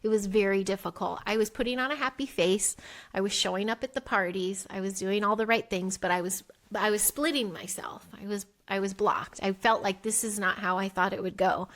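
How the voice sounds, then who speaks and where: A middle-aged woman, a podcast guest, telling her story candidly and acting out the quoted dialogue with big jumps in her voice. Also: brisk. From United States. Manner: animated, acts out quoted dialogue with pitch jumps.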